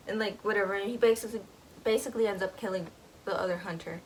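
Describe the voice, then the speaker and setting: A woman's voice: medium pitch, steady tone, fairly quick, slight background noise, poor audio. Rambling young woman retelling a book. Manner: rambling, lots of "like"s, giggly. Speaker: book vlogger.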